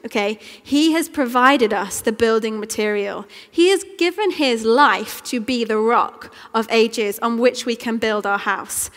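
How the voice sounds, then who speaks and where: A woman, giving a conversational, earnest sermon. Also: a little high. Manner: earnest and conversational, with small restarts. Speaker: preacher. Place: church. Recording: long church reverb.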